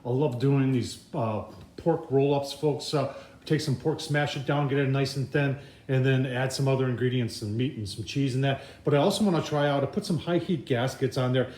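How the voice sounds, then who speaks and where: A man's voice: mid-range voice, moderate pace, darkish tone. A man hosting a casual cooking vlog, talking folksy and chatty and often addressing viewers as folks. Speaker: cooking channel host.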